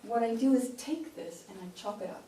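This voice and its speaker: A woman's voice: a little high, brisk, warm tone. Woman workshop coach, demonstrative, breaks lines into chunks; echoey room, distant mic. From Canada. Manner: demonstrative, chops phrases into short chunks. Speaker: pronunciation coach. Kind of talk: workshop talk. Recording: roomy sound from a distant mic, faint hiss.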